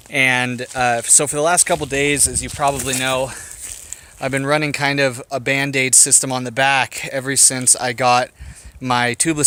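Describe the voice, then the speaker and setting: A man narrating his bicycle tour in a casual, excitable vlog, talking to the camera outdoors on a mountain route. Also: medium pitch, a little hiss or hum. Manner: excitable, chatty storyteller. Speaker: bicycle touring vlogger.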